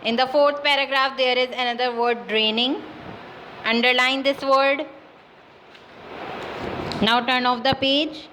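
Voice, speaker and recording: A woman teacher with a Pakistani English accent giving a class lesson, dictating words slowly and repeating them with many fillers. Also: sits high, fairly even intonation, background noise. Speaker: school teacher.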